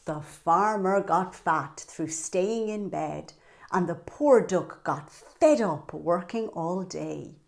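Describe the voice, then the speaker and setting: Slow, sing-song woman reading to kids. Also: lowish voice, creaky. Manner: sing-song and animated, pointing out pictures. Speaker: children's storyteller. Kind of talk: reading a picture book aloud to children.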